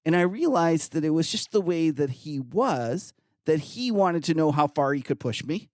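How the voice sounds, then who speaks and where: A man's voice: fairly high pitch, normal speed, dry recording, clean studio sound. A man hosting a podcast, chatting casually and telling stories with frequent laughter. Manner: storytelling, laughs often, animated when retelling. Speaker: podcast host.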